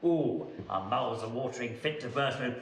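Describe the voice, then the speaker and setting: A man playing a stage chorus in a low, drawling, sing-song chant. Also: normal speed, close to an everyday voice. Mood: mock-solemn. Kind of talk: one-man stage comedy. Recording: roomy theatre, mic far off.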